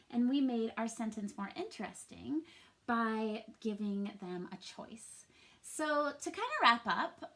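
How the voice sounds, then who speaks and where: A woman teacher walks young children through a reading lesson in a patient, sing-song classroom voice. Her voice sits a little high and swings widely up and down as she reads out example sentences. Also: a bit bright.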